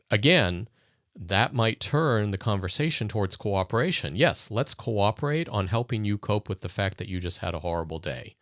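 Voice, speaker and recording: A man's voice: fairly low pitch, expressive, normal speed, fairly bright tone, dry recording. A man teaching in a conversational video lesson, speaking thoughtfully and addressing viewers directly. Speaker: educator. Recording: dull lo-fi dry recording.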